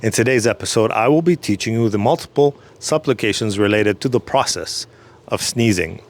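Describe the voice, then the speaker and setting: A man teaching a short religious lesson, calm and patient, who repeats each phrase again more slowly so the listener can follow. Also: fairly low pitch.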